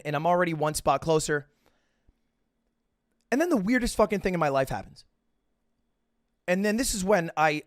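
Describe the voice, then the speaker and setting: A higher-pitched man spins a rambling, self-mocking story for his stream. He swears freely and trips over restarts, and the sound is dry and close. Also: no echo. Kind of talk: casual storytelling to stream chat.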